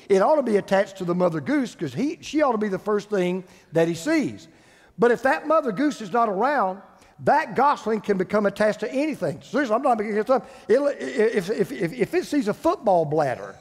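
Older pastor with a high voice. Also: male voice. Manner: emphatic, repeats phrases for stress. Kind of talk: sermon. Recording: long hall reverb.

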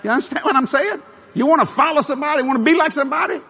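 A man preaching a sermon, telling a funny story with frequent chuckles and shouted punchlines. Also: very high-pitched, very fast. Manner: animated, chuckling, shouts for emphasis.

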